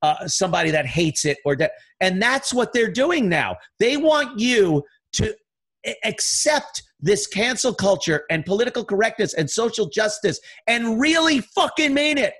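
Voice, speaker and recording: A middle-aged man, a podcast guest, in a casual chat, talking bluntly with lots of swearing and animated storytelling. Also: high voice, moderate pace. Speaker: podcast guest, radio host.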